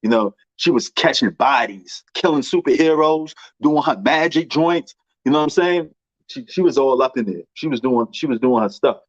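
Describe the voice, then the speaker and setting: A man's voice: mid-range voice, expressive, moderate pace, dry recording, highs cut off. A man with a New York accent chatting casually and rambling about movies, full of slang and fillers. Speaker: movie commentator. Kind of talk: casual chat.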